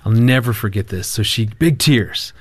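Low-voiced man telling a lively story. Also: normal speed, slightly rough, no echo. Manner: animated storyteller, acting out quoted lines. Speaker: marriage counselor and guest. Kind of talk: casual storytelling in a conversation.

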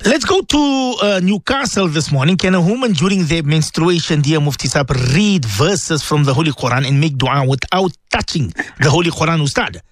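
A man hosts a call-in religious radio show, reading out questions and answering with quick affirmations. His voice sits fairly high and moves about a lot. The studio sound is dry and close. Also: expressive, no echo. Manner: reads listener questions, frequent affirmations.

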